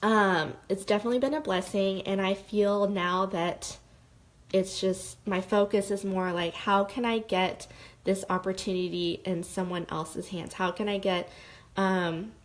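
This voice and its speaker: A woman's voice: medium pitch, fairly even intonation, a little slow, poor audio. Young woman, mid-height voice, open and heartfelt testimonial, chatty and rambling. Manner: candid, heartfelt, rambling with lots of "like". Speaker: direct-sales consultant. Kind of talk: personal testimonial monologue.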